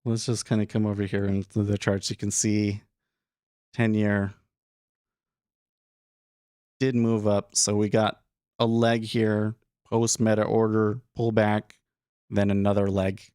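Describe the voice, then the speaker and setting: A man's voice: lowish voice, flat delivery, unhurried, long pauses, a little mellow, smooth, no echo, clean studio sound. A young man casually talking through his trading day on a live stream, thinking aloud with frequent restarts and filler words.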